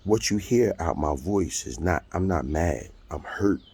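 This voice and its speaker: Gravelly, husky man in his fifties. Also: low voice, a little slow. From United States. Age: 50s. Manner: blunt, profane, animated retelling. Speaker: storyteller recounting a court hearing. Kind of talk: casual monologue.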